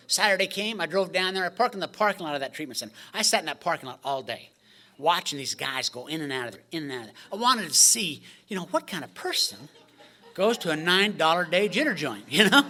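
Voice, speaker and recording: A man speaking at a recovery meeting, telling his story with jokes and acted-out dialogue. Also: sits high. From United States. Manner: animated, joking storyteller acting out dialogue.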